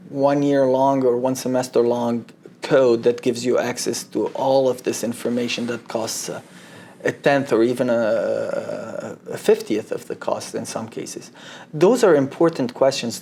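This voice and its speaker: A man in his forties, a college administrator, speaking earnestly with many fillers and pauses. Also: mid-range voice, warm tone. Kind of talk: casual discussion.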